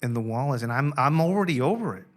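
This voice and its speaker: A man's voice: medium pitch, expressive, fast. A man from Mexico, a comedian, talking casually as a guest with wry, dry humor and casual swearing. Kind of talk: casual conversational interview.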